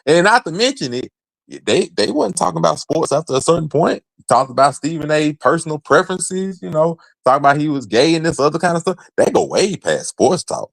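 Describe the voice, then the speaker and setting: A young man co-hosting a casual sports podcast, talking in slangy, animated bursts and acting out imagined conversations. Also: fairly high pitch, fairly quick, gravelly, dry recording. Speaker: podcast co-host.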